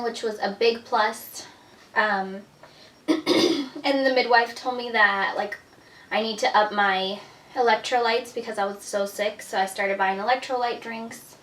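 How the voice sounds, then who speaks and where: A young adult woman vlogs a casual pregnancy update from home, chatty, a little out of breath, and packing in fillers like "like" and "um." Her voice is on the high side with a fairly bright tone. The mic sits at a distance, picking up a roomy echo.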